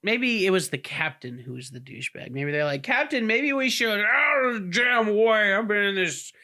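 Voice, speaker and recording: A man's voice: high voice, expressive, moderate pace, sharp tone. A man co-hosting a casual podcast chat, chiming in with jokes and sound effects. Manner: jokey, chimes in with gags and sound effects. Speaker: podcast co-host.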